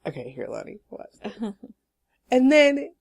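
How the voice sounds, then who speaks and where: A woman co-hosting a casual chat podcast, telling a story in a lively, laughing way and swearing freely. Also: on the high side, a little slow, vocal fry. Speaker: podcast co-host. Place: Portland, Oregon area.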